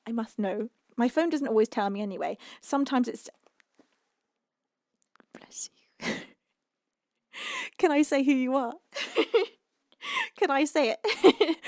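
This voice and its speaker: A woman's voice: fairly high pitch, a little mellow, no room sound, studio quality. Gushing woman streamer. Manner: gushing, emotional, laughs often, drops to a whisper. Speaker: singer-songwriter streamer. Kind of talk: chatty livestream thank-yous.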